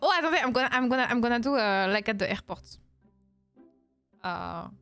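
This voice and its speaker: A woman's voice: a little high, lively intonation, very fast, a bit bright, no room sound, faint music behind. Giggly French-accented woman streamer. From France. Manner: playful, giggly, chatty. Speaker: vtuber streamer. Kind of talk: casual live Q&A.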